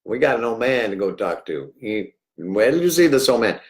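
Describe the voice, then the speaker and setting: A middle-aged man hosting a rambling livestream, jokey and swinging between loud outbursts and hushed asides. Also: lowish voice, sing-song, moderate pace. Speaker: livestream host.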